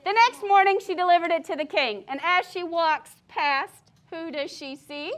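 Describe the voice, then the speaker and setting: Woman, teacher, high voice, storybook read-aloud, lively, quizzing the class. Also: normal speed. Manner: lively, asks the class questions. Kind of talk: reading a picture book aloud to children.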